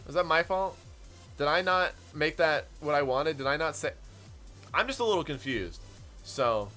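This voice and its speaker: Young guy streaming a game, bright voice, tells stories all animated, faint music under it. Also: a little high. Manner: animated storytelling, quick asides to chat. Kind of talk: casual stream commentary while playing.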